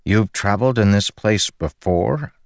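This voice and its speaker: Audiobook figure: male reader as a frank young noble, deep and plain. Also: a little slow, creaky, no echo, studio quality. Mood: curious. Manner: direct, questioning. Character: young nobleman, curious and direct.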